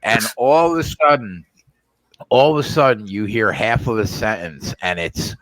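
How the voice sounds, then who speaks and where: A man's voice: on the low side, normal speed, a bit bright, no echo, low-quality recording. A male host of a live betting show, chatty, retelling stories with quoted lines.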